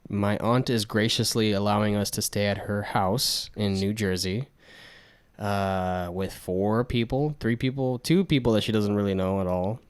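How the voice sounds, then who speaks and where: Young male podcast co-host, low and smooth, tells stories by acting out quotes, dry close sound. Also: fairly even intonation, normal speed, no echo. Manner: retells events with acted quotes, frequent restarts. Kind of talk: casual storytelling chat.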